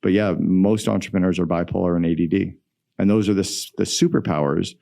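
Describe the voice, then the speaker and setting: A middle-aged man, a guest entrepreneur, telling stories in an energetic, emphatic way in a podcast interview. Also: low voice, brisk, vocal fry.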